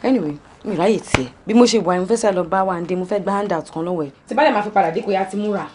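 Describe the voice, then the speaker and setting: An actress with a Nigerian accent playing a bossy female roommate who nags briskly. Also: mid-range voice, darkish tone, natural voice. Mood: nagging. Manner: nagging and brisk.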